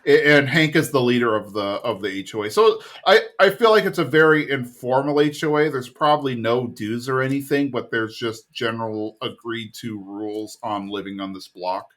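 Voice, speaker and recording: A man's voice: medium pitch, a bit bright. A man co-hosting a podcast, casually retelling a cartoon episode and briefly mimicking the characters as he goes. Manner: rambling retelling with quick voice impressions. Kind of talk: casual chat.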